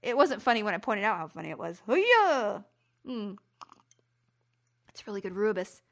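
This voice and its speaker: A woman hosting a rambling solo podcast, animated and self-mocking, slipping into silly voices. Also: mid-range voice, fairly quick. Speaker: podcast host. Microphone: computer recording.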